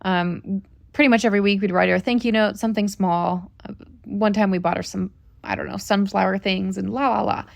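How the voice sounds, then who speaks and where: A woman's voice: mid-range voice, fairly even intonation, fairly quick, gravelly, no room sound. A woman co-hosting a family podcast, telling a personal story in an earnest, reflective way. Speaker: podcast co-host. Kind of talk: casual storytelling chat.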